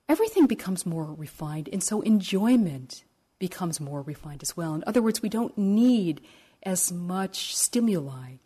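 A woman meditation teacher giving a dharma talk at a retreat, gentle and reflective as she tells stories. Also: on the low side, breathy edge.

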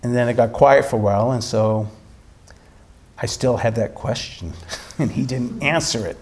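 Animated man telling a dharma story. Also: mid-range voice, normal speed. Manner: animated storytelling with frequent restarts. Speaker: meditation teacher.

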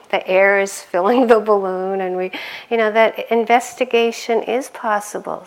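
A middle-aged woman giving a conversational dharma talk as a meditation teacher, laughing often and growing animated in her stories. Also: mid-range voice.

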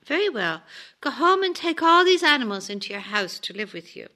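A woman voicing a calm, wise old rabbi who gives gentle advice in a story she reads aloud. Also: high-pitched, brisk, pitched above the performer's own voice, full character voice. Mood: serene. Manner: grave, serene, gentle advice.

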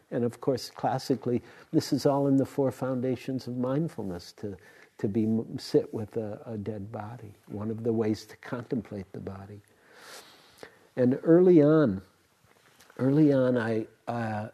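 An older man, a meditation teacher, giving a dharma talk and telling stories in a rambling way, with restarts and soft laughs. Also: medium pitch, slightly rough.

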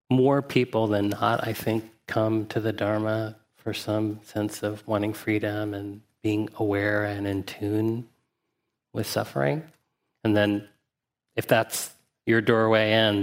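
A man, a meditation teacher, giving a dharma talk at a retreat in a reflective, anecdotal, gently humorous way. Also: on the low side. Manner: reflective, unhurried asides with 'uh' and 'you know'.

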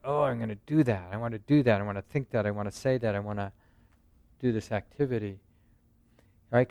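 A man who teaches meditation, giving a relaxed, conversational dharma talk and often checking in with "right?" and "you know". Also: mid-range voice, smooth, no room sound, studio quality. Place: meditation center.

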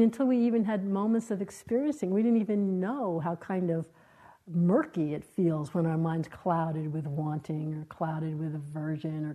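A woman meditation teacher giving a dharma talk in a gentle, reflective way, with halting, searching phrases. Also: lowish voice, poor audio. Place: meditation hall.

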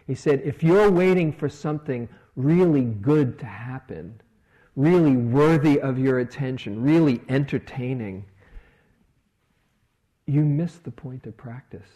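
A middle-aged man giving a relaxed dharma talk as a meditation teacher, telling stories and acting out the people in them. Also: mid-range voice, unhurried, highs cut off. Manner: relaxed storytelling with quoted voices. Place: retreat hall.

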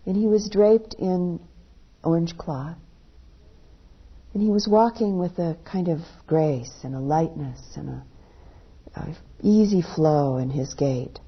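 Low husky woman telling a dharma story. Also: muffled recording. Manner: unhurried storytelling, drops softly at ends of phrases. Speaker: meditation teacher.

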